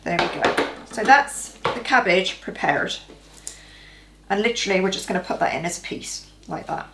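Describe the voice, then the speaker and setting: A woman's voice: mid-range voice, expressive, normal speed, a bit bright, echoey room, slight background noise, poor audio. A woman host giving chatty, practical step-by-step cooking instructions in her home kitchen. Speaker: cooking vlogger. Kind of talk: casual cooking demonstration.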